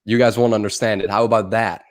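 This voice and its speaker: A man's voice: lowish voice, steady tone, fast talker. Young Dutch guy chatting on a livestream. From Netherlands. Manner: laughing, swearing, rambling. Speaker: livestream co-host. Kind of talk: casual livestream chat.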